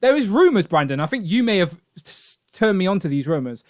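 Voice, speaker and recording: A man in his thirties chats on a live stream in a fairly high voice. He rambles and jokes, laughing easily at his own lines. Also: animated, fast, few pauses. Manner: jokey, rambling, laughs often. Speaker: co-host of toy collecting live stream. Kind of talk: casual live-stream chat.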